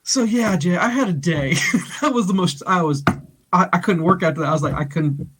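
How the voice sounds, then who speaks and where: A man co-hosting a podcast, telling a story in casual chat, animated and loud, laughing often and acting out the voices of others. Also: high voice, fairly quick, husky. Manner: loud and excitable. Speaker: podcast co-host.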